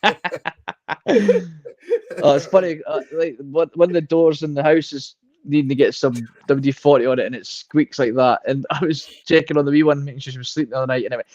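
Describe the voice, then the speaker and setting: A Scottish man co-hosting a casual podcast, relaxed and hesitant, on a remote call mic. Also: on the high side, brisk, no echo, dull audio. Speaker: podcast co-host. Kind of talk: casual live podcast chat.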